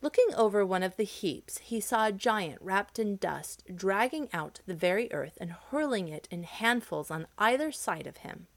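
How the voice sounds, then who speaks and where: A woman narrating a folk tale in an expressive storybook style. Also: mid-range voice, normal speed, hardly any pauses, no echo. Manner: expressive, dramatic reading.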